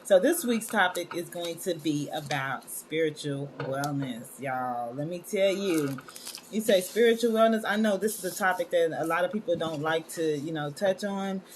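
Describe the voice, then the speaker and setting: Woman host, lowish voice, loose chatty live-stream delivery, faint room noise behind. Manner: chatty, scattered, addresses viewers as y'all. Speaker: wellness show host. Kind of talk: casual live-stream talk.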